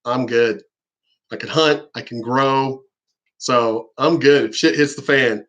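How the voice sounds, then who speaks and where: A man talking in a casual, rambling vlog, swearing freely and laughing often, getting higher and louder when he rants. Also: takes it slowly. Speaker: vlogger.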